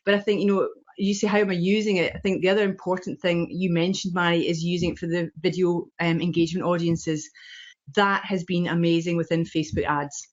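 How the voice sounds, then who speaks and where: A woman's voice: fairly low pitch, little pitch movement, a little fast. A woman with a Scottish accent, a guest on a live stream, talking in an enthusiastic and emphatic way. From Scotland. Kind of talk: casual chat. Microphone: video call microphone. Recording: dull, lo-fi web call audio.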